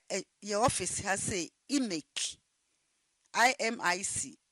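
A woman from Ghana answering radio interview questions in a measured way, mixing in English words. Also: medium pitch, sharp tone, no room sound. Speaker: interview guest, non-profit worker.

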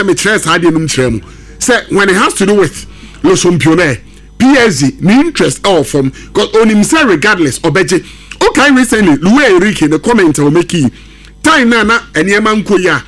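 A man giving his views as a football pundit on a sports radio show, animated and emphatic. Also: sits high.

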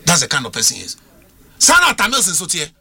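A man's voice: a little high, huge pitch swings, fast, gravelly, pushed and bright, husky. A man with a Ghanaian accent, a political commentator on a studio panel, arguing with rhetorical questions and switching between English and Twi.

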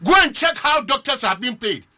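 A Ghanaian man delivers fervent talk-show commentary in a strikingly high, very bright voice. His pitch leaps and dips as he argues, and he drives each point home by repeating it. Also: expressive, moderate pace. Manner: fervent, rhetorical, repeats phrases for emphasis. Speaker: political commentator.

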